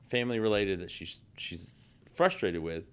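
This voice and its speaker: Casting: deep smooth male podcast host, chatty and full of fillers. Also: expressive, moderate pace. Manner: conversational, many fillers such as "like" and "you know". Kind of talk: casual podcast conversation.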